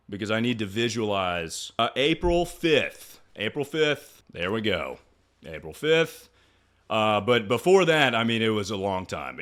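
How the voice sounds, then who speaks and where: A man's voice: fairly low pitch, fairly bright tone. A young man streaming, answering chat questions in crude, joking banter with frequent laughs and trailing restarts. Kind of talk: casual livestream chat.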